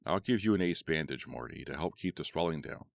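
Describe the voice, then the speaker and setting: Man voicing a gentle school nurse woman. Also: a bass voice, expressive, brisk, creaky, dry recording, clean studio sound, exaggerated voice. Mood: reassuring. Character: calm adult female school nurse.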